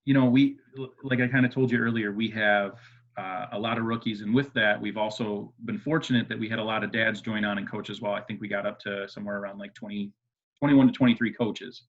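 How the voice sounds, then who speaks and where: A man's voice: fairly low pitch, fairly even intonation, fairly quick. A man interviewing as a club coach, asking questions hesitantly with many fillers. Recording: dull lo-fi audio.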